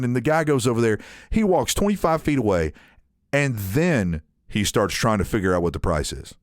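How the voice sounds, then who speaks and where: A man on a podcast telling a story in casual chat, animated and acting out the people in it. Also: medium pitch, a little fast, dry recording, clean studio sound. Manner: animated, acts out quoted people in shifting voices. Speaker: podcast co-host.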